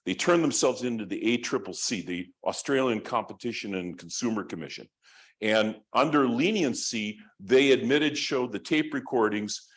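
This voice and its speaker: A man's voice: medium pitch, lively intonation, normal speed, fairly bright tone. A man giving a university lecture, telling a story in a rambling, conversational way with many restarts.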